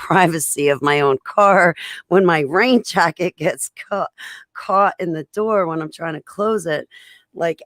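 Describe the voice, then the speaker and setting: A woman's voice: on the low side, gravelly, no room sound, clean studio sound. A woman hosting a podcast, chatting casually in a rambling, swearing way and interrupting herself. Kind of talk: casual chat.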